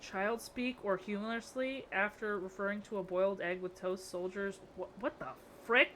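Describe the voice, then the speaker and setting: Young female streamer, bright tone, casual chat, quick exasperated reactions. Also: mid-range voice, fairly even intonation, a little hiss or hum. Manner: playful, exasperated, reacting to chat with frequent laughter. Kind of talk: casual live-stream chat while building in a game.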